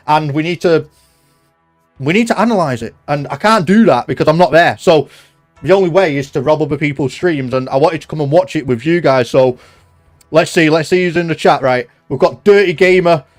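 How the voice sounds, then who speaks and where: A young man live-streaming from home, chatting loosely and reading out viewer comments. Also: a little high. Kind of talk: casual live-stream chat.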